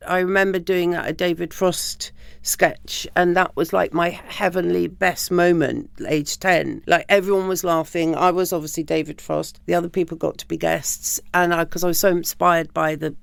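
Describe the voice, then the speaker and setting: A woman comedian and writer, animated and playful, musing as an interview guest. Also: fairly low pitch, normal speed, gravelly, smooth, no room sound.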